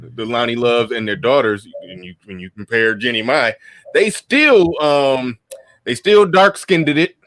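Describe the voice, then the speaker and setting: A man hosting a podcast, talking in a relaxed way and repeating his words. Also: mid-range voice, unhurried, no echo. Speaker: host. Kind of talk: casual podcast chat.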